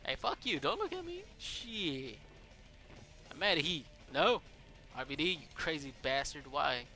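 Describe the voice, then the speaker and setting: A man giving casual let's play commentary over a wrestling game, excitable and swearing, yelling at the game and shouting out moves. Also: fairly high pitch, unhurried, soft background music. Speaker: gameplay commentator.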